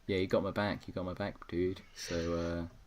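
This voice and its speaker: Give me a young man with a deep voice, a rambling, jokey podcast host, heard through a noisy online call. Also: flat delivery, moderate pace, a little mellow. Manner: rambling, self-correcting, jokey. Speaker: podcast host presenting awards. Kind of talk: casual chat on an online call.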